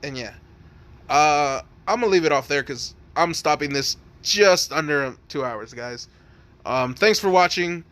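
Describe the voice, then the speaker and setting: A man's voice: on the high side, a little slow, a bit bright. A man casually telling an improvised fan story, rambling and profane, full of likes and restarts.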